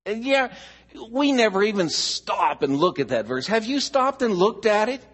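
A man preaching a sermon as pastor, animated, swinging from loud emphasis to near hush. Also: high voice, unhurried.

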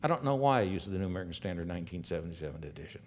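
A male pastor preaching a sermon in a church room, swinging between loud, emphatic stretches and quiet asides, and slowing down to read scripture deliberately. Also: low voice, lively intonation, slight background noise. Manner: reads scripture slowly and deliberately.

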